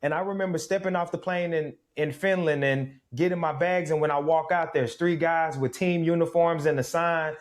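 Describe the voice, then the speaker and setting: Man in his 30s, somewhat high voice, reflective storyteller, interview guest. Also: moderate pace, few pauses. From Mississippi, USA. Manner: reflective, animated storytelling with laughs. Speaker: guest, former pro football player.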